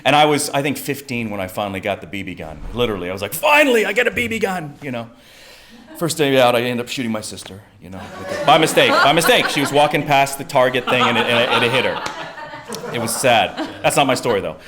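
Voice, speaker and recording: A man from the United States telling a personal story on stage, animated, often laughing, and jumping into high voices for the people he quotes. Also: quick pace. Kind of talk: live storytelling.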